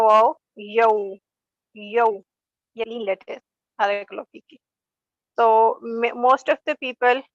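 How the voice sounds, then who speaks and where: A woman teaching a recitation class online, slowly demonstrating each sound and correcting common mistakes. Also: fairly high pitch, no room sound, lo-fi sound. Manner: patient, slow demonstrating of recitation. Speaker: tajweed teacher.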